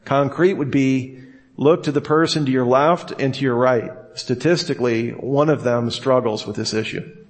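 Man, classroom teaching, animated, rhetorical questions, acts out examples in voices, mid-pitched voice. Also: normal speed. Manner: asks the room rhetorical questions. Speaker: teacher of preachers.

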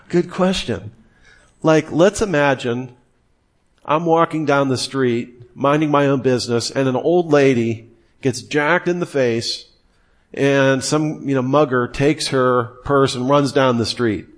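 A man at a middle pitch teaches Christian apologetics in a relaxed, conversational style. He leans into emphatic, incredulous asides as he makes his points. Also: measured pace. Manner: conversational, acts out quoted voices. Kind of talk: lively teaching talk.

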